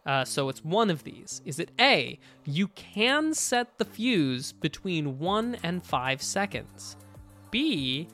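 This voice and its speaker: A man co-hosting a live gaming show, chatting casually and thinking out loud at length. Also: a little high, vocal fry. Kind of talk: casual live-stream chat.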